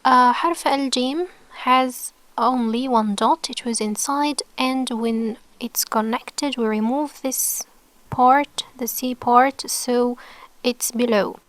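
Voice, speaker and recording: A woman's voice: on the high side, steady tone, slow, no echo. A woman teaching an online lesson, explaining patiently, often checking with okay and dropping into a whisper to model sounds. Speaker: Arabic teacher.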